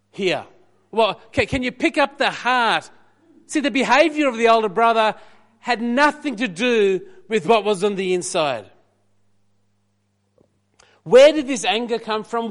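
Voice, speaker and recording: Male preacher, high pitch, animated sermon delivery with quiet asides. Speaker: pastor.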